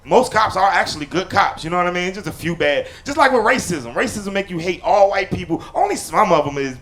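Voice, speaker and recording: A man doing live stand-up comedy on a theater stage, punchy and loud, then dropping low for asides. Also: expressive, fairly quick. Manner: loud, punchy delivery with sudden drops to low confiding asides. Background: audience laughter.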